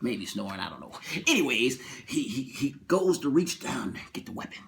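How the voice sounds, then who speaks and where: A man casually retelling a TV episode, animated, acting out scenes and laughing. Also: mid-range voice, normal speed, creaky, a little hiss or hum.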